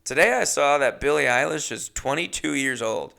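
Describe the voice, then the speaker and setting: A man's voice: mid-range voice, lively intonation, moderate pace, creaky, bright, forceful tone. A man hosting a solo podcast, rambling casually with chatty, self-mocking asides. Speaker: podcast host.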